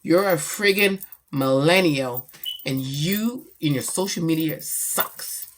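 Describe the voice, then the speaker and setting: A middle-aged woman chatting casually about her daughter, animated and slangy as she tells stories. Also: low voice, slow. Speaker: vlogger, mother. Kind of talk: casual chat.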